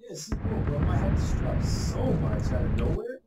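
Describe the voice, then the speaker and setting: A young man chatting casually while gaming, excitable, swearing and calling his friend bro. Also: high voice, normal speed, heavy background noise. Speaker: gamer.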